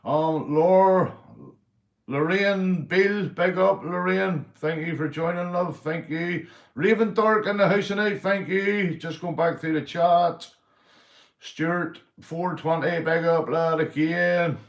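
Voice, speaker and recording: A man's voice: on the high side, steady tone, slow, gravelly. Rambling Northern Irish man, roomy echo. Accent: Northern Irish (Belfast). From Northern Ireland. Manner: rambling, swears a lot, says mate and big up constantly. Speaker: livestream host. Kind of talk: casual livestream chat, reading out viewers.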